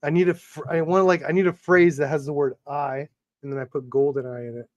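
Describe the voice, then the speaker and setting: A man's voice: fairly high pitch, steady tone, fairly quick, no room sound, muffled recording. A man hosting a casual stream chat, laughing and swearing as he makes up rhyming lyrics on the spot. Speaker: host. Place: live stream call with chat.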